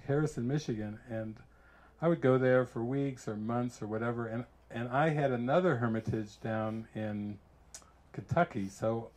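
A man, a spiritual teacher, giving a casual talk full of animated stories and frequent laughter. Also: medium pitch. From United States. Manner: animated storyteller who laughs often.

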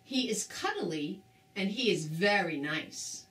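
A woman's voice: medium pitch, animated, slow, a bit bright, pitched below the performer's own voice. A woman voicing a little boy who has lost his doll, fretful and plaintive, in a storybook reading. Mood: sad. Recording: roomy, distant mic.

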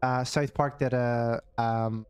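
Smooth, dry-sounding man, crude gamer banter, laughs a lot. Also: medium pitch, steady tone, takes it slowly, darkish tone, no echo. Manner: crude joking, laughs often. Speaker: gaming channel co-host. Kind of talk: casual let's-play banter.

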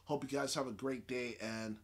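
A man's voice: mid-range voice, moderate pace. A man hosting a reaction video, giving casual commentary and repeating himself often. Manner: laughing, animated, repeats phrases.

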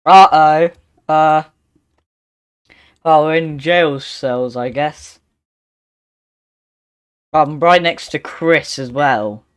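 A male gaming host giving live gameplay commentary, mostly calm remarks broken by sudden excited yelps and exclamations. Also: fairly high pitch, very slow, long pauses, clear, resonant tone.

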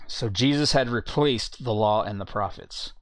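A man giving an informal Bible teaching, reading scripture passages aloud and pausing to look up verses as he goes. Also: lowish voice, dry recording. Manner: reads scripture aloud, searching for verses mid-talk.

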